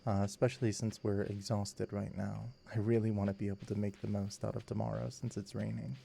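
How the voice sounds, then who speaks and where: Man, low and gravelly, slow soft sleep-time gameplay commentary, very mellow. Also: level tone, slight background noise.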